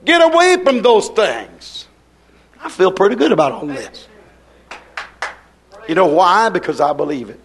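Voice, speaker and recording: A man preaching a sermon in an emphatic, repetitive cadence, breaking into shouts. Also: sits high, big pitch swings, unhurried, pauses often, breathy edge.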